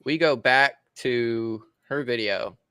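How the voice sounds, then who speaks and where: A man guests on a livestream and walks viewers through his screen step by step in a casual, talky way. His voice is bright and forward, with a clean, crisp tone. The sound is dry and close, with no room around it. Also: medium pitch, slow pace, no echo. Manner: explains step by step while sharing his screen. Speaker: guest co-host.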